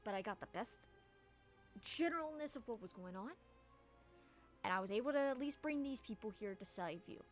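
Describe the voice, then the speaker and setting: A man's voice: high voice, lively intonation, normal speed, long pauses, faint music behind. Woman doing a touchy sorcerer man. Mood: defensive. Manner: defensive, justifying himself. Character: defensive male sorcerer, proud and touchy.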